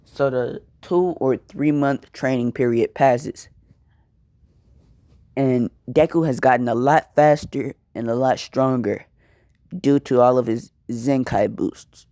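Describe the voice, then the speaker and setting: Young man, slangy rambling storyteller, slow, mellow, dry close sound. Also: mid-range voice, no echo. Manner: slangy, rambling, repeats words. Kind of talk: casual improvised fan-fiction storytelling.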